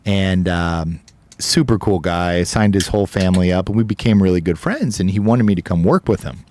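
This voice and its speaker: A man's voice: sits low, moderate pace, a little mellow, slight background noise. A man guesting on a podcast interview, telling a long story in a casual, rambling way with the odd swear word. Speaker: podcast guest, business co-owner.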